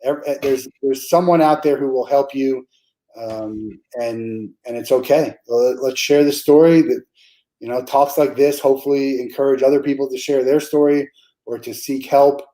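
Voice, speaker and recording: Relaxed, mellow-voiced male podcast host. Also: mid-range voice, moderate pace, poor audio. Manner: relaxed, with frequent restarts and fillers. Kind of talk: casual interview chat.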